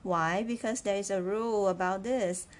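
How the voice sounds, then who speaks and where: A woman teaching a beginner language lesson, speaking slowly and patiently, repeating words and checking in with "right?". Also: mid-range voice, fairly even intonation. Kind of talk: slow, clear classroom lesson.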